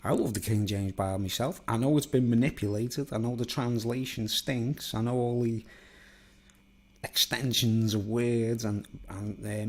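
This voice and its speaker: A man's voice: on the low side, gravelly, husky. A man delivering a digressive, conspiratorial solo monologue, constantly seeking agreement. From England. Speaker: vlogger.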